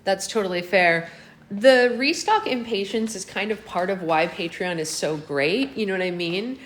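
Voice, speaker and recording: A woman's voice: medium pitch, normal speed. A woman hosting a book club livestream, chatting casually with viewers by name and using many fillers. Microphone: phone livestream. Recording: roomy with faint background noise.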